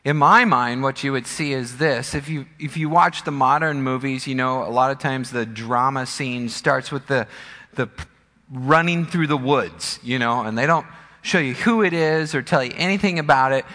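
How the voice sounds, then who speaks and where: A man preaching a sermon as pastor, an animated storyteller who acts out scenes. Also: mid-range voice, moderate pace. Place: church sanctuary. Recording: long church hall reverb.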